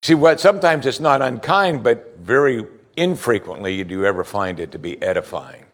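A man's voice: mid-range voice, expressive, normal speed, a bit bright. A middle-aged pastor preaching a sermon, reading scripture aloud and putting pointed questions to his listeners. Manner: asks the congregation pointed questions; reads scripture aloud between remarks.

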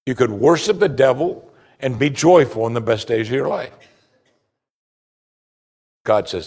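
A man preaching a sermon as pastor, animated, acting out the voices he quotes. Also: mid-range voice, moderate pace, long pauses. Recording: hall reverb.

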